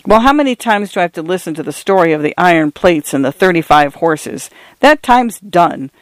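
An irritated ranch father , as a man narrator puts him on, clipped and sharp with his words. Audiobook reading, dry and close. The voice sits fairly high. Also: expressive, fairly quick, no room sound. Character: angry middle-aged ranch father.

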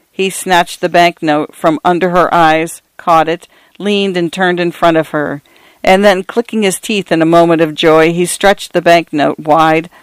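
A woman hosting a radio reading service, narrating literary short stories in a measured, scripted way on a close studio mic. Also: lowish voice, clean tone, no echo. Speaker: radio reader and host.

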